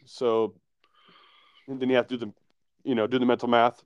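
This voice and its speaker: A man's voice: medium pitch, level tone, a little fast, clear, resonant tone, dull audio. A man co-hosting a podcast, explaining things in a laid-back, rambling way. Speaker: podcast co-host. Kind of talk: casual chat.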